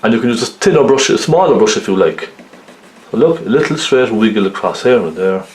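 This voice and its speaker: In a lowish, slightly mellow voice, a man gives a chatty, step-by-step oil painting lesson, animated and fairly quick. He keeps checking in with tag questions like "okay" and "isn't it," and the recording has a roomy echo.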